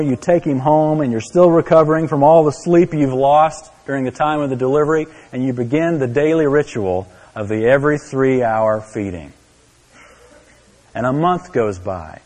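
A man preaching a sermon, telling a story to his listeners, dropping to a hush and then rising to exclaim. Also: mid-range voice, long reverb tail. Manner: storytelling, swinging from hushed to exclaiming. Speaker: pastor.

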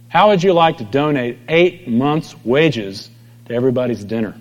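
A middle-aged pastor giving a conversational sermon, telling stories and acting out quoted voices. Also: male voice, mid-range voice, lively intonation, moderate pace. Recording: long hall reverb.

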